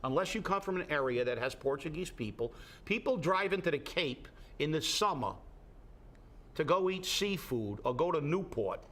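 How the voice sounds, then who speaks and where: A man's voice: on the high side, lively intonation, moderate pace, a bit bright. A man with a New England accent giving blunt, emphatic opinions on local politics in a talk show discussion. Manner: blunt, emphatic, repeats words when restarting.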